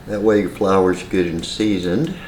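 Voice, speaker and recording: Low-voiced male cooking host, rambling and folksy, echoey kitchen with faint background noise. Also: fairly even intonation, a little slow, darkish tone. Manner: chatty, rambling with side stories and many fillers. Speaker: home cooking channel host. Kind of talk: casual cooking demonstration. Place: home kitchen.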